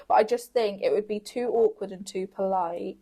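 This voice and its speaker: Young woman, slightly husky tone, laid-back podcast co-host who laughs easily. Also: medium pitch, moderate pace, dark tone. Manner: laughs often, thinks aloud. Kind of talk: casual chat.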